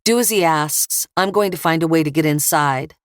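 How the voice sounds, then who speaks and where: A woman's voice: deep voice, normal speed, no room sound, studio quality, natural voice. A woman voicing a determined policewoman and mother in an audiobook, direct and urgent. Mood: urging.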